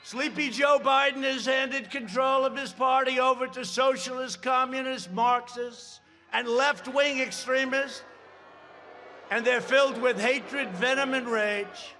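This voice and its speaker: A man giving a campaign rally speech at a podium microphone, rambling with sarcastic asides and shouted emphasis. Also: very high voice, steady tone, a little slow.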